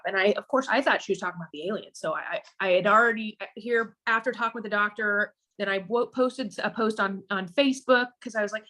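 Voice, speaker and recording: Guest mother, woman, halting and emotional, lots of restarts. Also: mid-range voice, sharp tone. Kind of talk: emotional personal storytelling.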